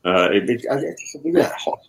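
A man chatting as a guest, talking with many stammering restarts and animated opinions. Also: medium pitch, normal speed. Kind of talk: casual discussion.

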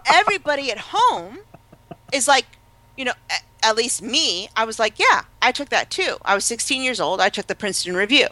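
A woman chatting casually as a podcast co-host, animated and gossipy, acting out the people she quotes. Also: a little high, fairly quick, no room sound. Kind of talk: casual chat.

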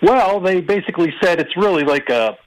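A man appearing as a weather reporter on a radio show, telling a rambling, halting anecdote. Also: high-pitched, lively intonation, no room sound, low-quality recording. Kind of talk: casual anecdote on talk radio.

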